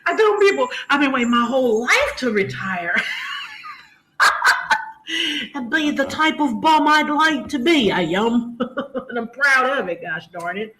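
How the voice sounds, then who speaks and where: Woman live-stream host, high pitched, slow unhurried talk, chatty and laughing, greets viewers, echoey home room. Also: lively intonation, bright, forceful tone. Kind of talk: casual live-stream chat. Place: home room, lights turned down. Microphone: camera mic.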